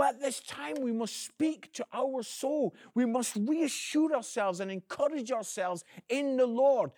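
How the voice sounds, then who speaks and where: A man with a very high voice, an evangelist, speaks earnestly in an inspirational video message, addressing the listener as "friend." His energetic delivery swings between loud emphasis and quiet, and the clean studio sound has no room sound.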